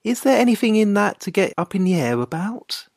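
A woman's voice: mid-range voice, sing-song, brisk, a little mellow, no room sound, clean studio sound. A woman voicing an anxious young man who pleads and grows exasperated in a dramatized story. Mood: pleading. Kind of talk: dramatized short story reading.

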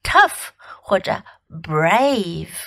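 A woman teaches young children English through a bilingual story lesson, coaxing and sing-song. Her voice is bright and bounces lively up and down, and she speaks slowly. The sound is dry and close. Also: lowish voice, creaky, no echo.

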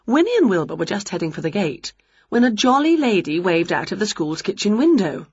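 A woman reading a picture book aloud at home with clear, expressive delivery. Her voice is husky and rises and falls a lot. The recording is dry and close, with a dull lo-fi sound. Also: mid-range voice, fairly quick, no room sound. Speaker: storybook reader.

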